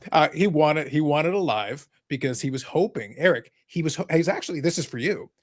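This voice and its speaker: A man's voice: on the high side, animated, a little fast. A man hosting a live podcast, talking casually in a rambling, sarcastic, joking way. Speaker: podcast host.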